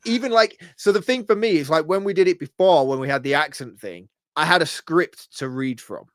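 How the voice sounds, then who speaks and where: Flustered man with a slightly high voice. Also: animated, fairly quick, dry recording, clean studio sound. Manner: flustered, self-deprecating, laughing often. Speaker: podcast co-host. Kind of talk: casual podcast chat.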